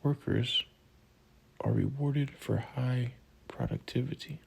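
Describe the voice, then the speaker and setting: Male textbook audiobook narrator, measured delivery, heavy vocal fry, husky tone. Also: mid-range voice, fairly even intonation, poor audio. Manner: slow, measured reading of list items.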